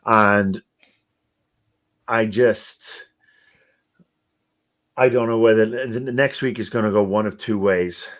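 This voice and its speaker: A man's voice: lowish voice, steady tone, slow pace, pauses often, fairly bright tone. A man co-hosting a casual podcast discussion, rambling and sarcastic, swearing freely and full of fillers. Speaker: podcast co-host.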